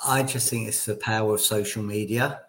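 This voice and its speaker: A man's voice: on the low side, fairly even intonation, normal speed, a bit bright, a little hiss or hum, poor audio. A man hosting an interview podcast, chatting conversationally and telling anecdotes. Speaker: podcast host. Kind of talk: casual interview chat.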